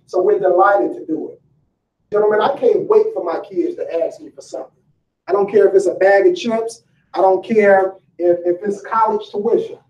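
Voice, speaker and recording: Before a live audience in a large room, a motivational speaker gives a fiery talk, his rather high, warm voice hammering each point with rhetorical questions to the crowd and loose street phrasing. He's emphatic and preachy, picked up from a distance in an echoing space with dull sound and faint ambient noise beneath.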